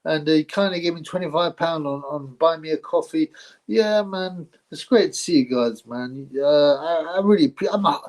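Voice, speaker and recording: A man's voice: on the high side, normal speed, a little mellow, rough recording. A man hosting a live boxing stream, chatting casually, rambling, laughing often and thanking his viewers.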